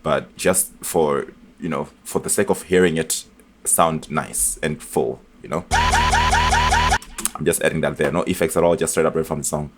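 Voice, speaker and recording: A man with a very low voice talks through a music production tutorial in a loose, chatty way. He stumbles and restarts often and leans on fillers. Beat elements play clearly behind his voice. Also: wildly swooping pitch, a little slow. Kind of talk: casual tutorial walkthrough. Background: beat elements playing from the project.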